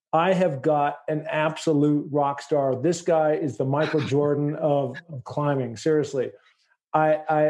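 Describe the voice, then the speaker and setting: A middle-aged man from the United States hosts a casual podcast interview. His voice sits a bit high yet sounds mellow and warm. He talks with enthusiasm and rambles with plenty of fillers. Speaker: podcast host.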